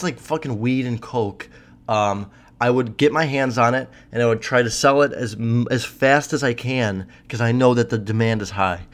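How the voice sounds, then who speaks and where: Young guy in his 20s riffing solo on his podcast, swears a ton, rambles, mid pitched voice. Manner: rambling and profane, full of fillers and restarts. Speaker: podcast host. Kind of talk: casual solo Q&A chat.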